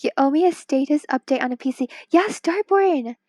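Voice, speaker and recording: A woman streamer chatting casually with viewers while drawing, giggly and excitable, talking into wireless earbuds. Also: sits high, normal speed, no echo.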